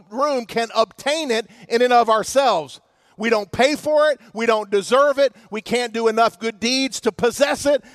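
A man preaching a sermon as pastor, emphatic, slowing to stress scripture and putting questions to the congregation. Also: extremely high pitch, fairly bright tone, no echo, studio quality.

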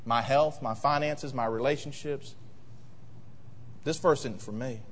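A man's voice: medium pitch, unhurried, slight background noise, voice pushed down, natural voice. A preacher voicing a troubled man who pleads and objects defensively to his pastor, in a reverberant sanctuary. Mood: objecting. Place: church sanctuary.

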